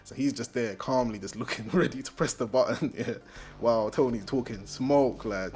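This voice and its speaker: A young man retelling a film in heavy slang, animated and jumping into loud character voices. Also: mid-range voice, moderate pace. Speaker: film recap host. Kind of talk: comedic slang-heavy movie recap.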